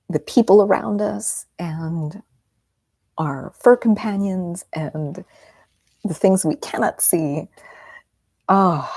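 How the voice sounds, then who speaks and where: A woman leads a guided meditation in an unhurried, slightly low voice, gentle and soothing and often dropping to a near whisper. Her tone is openly heartfelt and earnest. The recording is dry and close, with no room sound. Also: no echo. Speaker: meditation teacher.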